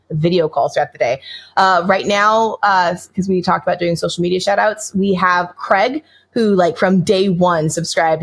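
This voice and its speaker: An American woman co-hosting a podcast, chatting casually in a bubbly, rambling way and laughing often. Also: lowish voice. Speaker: podcast co-host. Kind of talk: casual chat on a livestreamed podcast.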